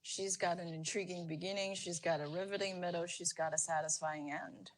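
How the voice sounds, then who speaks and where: A woman answers as a storytelling expert in a relaxed interview. She talks emphatically and repeats key phrases to press a point home. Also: on the low side, a little fast, a little hiss or hum. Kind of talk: conversational interview.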